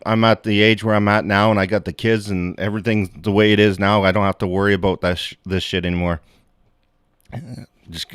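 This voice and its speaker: A man's voice: fairly low pitch, a bit bright, no room sound, clean studio sound. A middle-aged man hosting a live stream, rambling and swearing, laughing at his own jokes. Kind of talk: casual live-stream rant.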